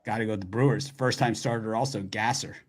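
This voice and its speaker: A man's voice: lowish voice, fairly even intonation, fast talker. A man hosting a live sports picks show, riffing jokily and repeating names for laughs as he runs through games.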